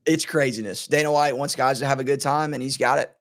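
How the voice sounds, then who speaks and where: A man's voice: medium pitch, fairly even intonation, fast talker. A man hosting a sports betting podcast in casual chat, rambling and laughing often, his voice strained today.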